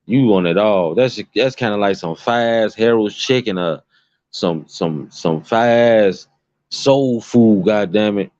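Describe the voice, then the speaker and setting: A man's voice: fairly low pitch, slow, a little mellow, dry recording. A man giving rambling, profane commentary to his viewers, emphatic and repetitive. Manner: emphatic, repetitive, swears constantly. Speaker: commentary vlogger. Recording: dull lo-fi dry recording.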